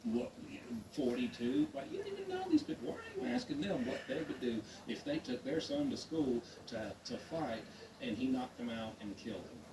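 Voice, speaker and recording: A man's voice: mid-range voice, big pitch swings, normal speed, distant mic. Sarcastic man in a roomy, noisy room. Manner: sarcastic, incredulous. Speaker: co-host reacting to a clip. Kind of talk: casual reaction chat.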